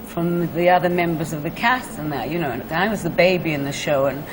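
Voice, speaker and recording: A woman's voice: low-pitched, brisk, noisy background. A Welsh woman, a singer, chatting as a guest in a television studio interview, telling stories with many fillers and laughs. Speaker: singer as talk show guest.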